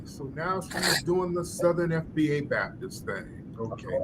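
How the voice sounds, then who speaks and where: A man's voice: on the high side, animated, a little slow, very noisy. A man hosting an online news commentary show, speaking sarcastically and sometimes mimicking a preaching voice. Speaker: show host.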